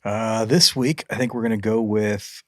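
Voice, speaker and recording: A man with a low voice co-hosts a relaxed podcast, easygoing and a little halting as he talks. The recording is close and dry. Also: dry recording. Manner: easygoing, brief, hesitant with fillers. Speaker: podcast co-host. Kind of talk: casual podcast banter.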